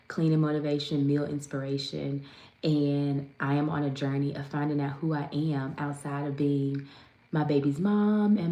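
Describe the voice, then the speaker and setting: A woman's voice: sits low, dark tone. Chatty woman on a home live stream. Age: 30s. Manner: chatty, greeting viewers by name and laughing often. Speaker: lifestyle vlogger and host. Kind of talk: casual live-stream chat. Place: at home, indoors. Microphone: phone on a tripod. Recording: roomy echo with faint ambience.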